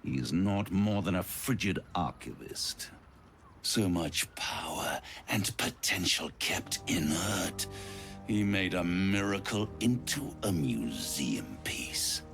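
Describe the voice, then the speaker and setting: An actor voicing an ancient scheming male devil in a video game, with a deep, theatrical, relishing drawl. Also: sing-song, slow, creaky, a bit bright, heavily acted. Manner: grand, relishing, mocking delivery. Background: game music.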